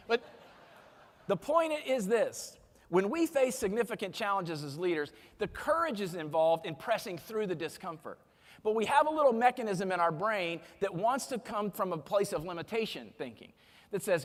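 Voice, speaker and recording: High-voiced man giving a keynote in a hall. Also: normal speed. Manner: energetic, joking, directs audience exercises. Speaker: keynote speaker. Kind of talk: motivational keynote speech. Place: large conference hall. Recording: long hall reverb from a live stage.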